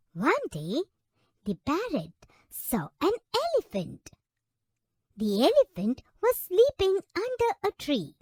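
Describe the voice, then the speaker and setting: High, sing-song woman storyteller. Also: no room sound, clean studio sound. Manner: slow, expressive and sing-song. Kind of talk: children's story narration.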